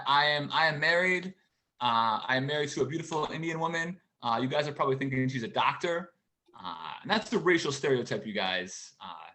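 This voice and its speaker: Halting deadpan man in his forties. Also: mid-range voice. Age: 40s. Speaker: stand-up comedian. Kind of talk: stand-up routine. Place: at home for a virtual show.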